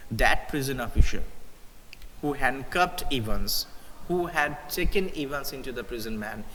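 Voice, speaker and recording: A man's voice: medium pitch, lively intonation, unhurried, fairly bright tone, in a large hall, a little hiss or hum, poor audio. A male teacher with an Indian English accent who reads a story aloud during a live class, then explains it, often repeating himself and using fillers. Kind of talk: live English literature lesson.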